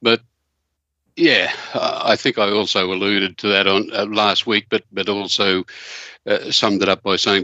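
A man's voice: lowish voice, little pitch movement, unhurried, sharp tone, dry recording, lo-fi sound. A man with an Australian accent co-hosting a casual sports podcast, rambling and chuckling as he gives blunt opinions. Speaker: co-host.

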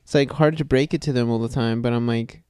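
A young man co-hosting a podcast, excitable and quick to laugh, often saying "dude". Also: mid-range voice, clean tone, no echo, clean studio sound. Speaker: podcast co-host. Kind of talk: casual chat.

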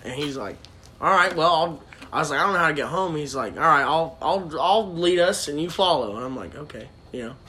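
A man's voice: on the high side, animated, a little fast, sharp tone, a little hiss or hum. A young man, a podcast co-host, telling a casual profane story with frequent laughter.

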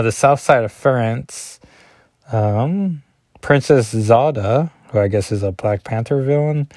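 A man's voice: lowish voice, a little mellow, no echo, studio quality. A man chatting through a comic issue page by page, filling the talk with "like" and self-deprecating asides. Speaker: comic book vlogger. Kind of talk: casual comic reading and commentary.

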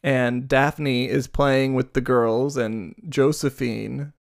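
A man co-hosting a podcast, recapping a film's plot in relaxed casual chat. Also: mid-range voice, slow, creaky. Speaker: podcast co-host. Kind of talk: casual chat about a film.

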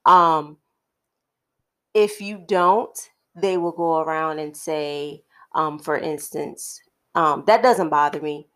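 A woman co-hosting a casual conversational podcast, speaking in a thoughtful, measured way with frequent pauses. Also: low-pitched, fairly bright tone. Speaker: podcast co-host.

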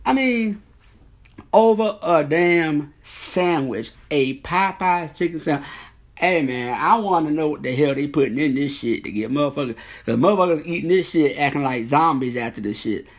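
A man's voice: fairly high pitch, moderate pace. A man hosting a podcast, delivering a profane, rambling comedic rant. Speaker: podcast host.

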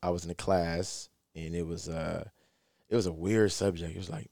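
A man telling a personal story in relaxed, colloquial speech, livening up as he recounts what happened. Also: low-pitched, normal speed, creaky. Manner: laid-back, colloquial, animated when retelling. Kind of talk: casual storytelling chat.

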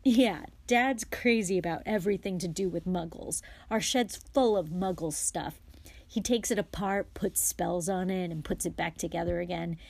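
A woman's voice: on the low side, normal speed, creaky, a little mellow, no echo. Woman voicing a mischievous teen wizard boy in an audiobook, playful, dry close sound.

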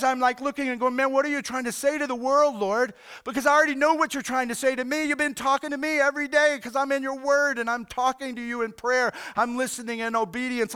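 A man's voice: extremely high pitch, pushed and bright, clean tone. A middle-aged male pastor preaching a sermon in a casual, fired-up way, often saying "man" and "like".

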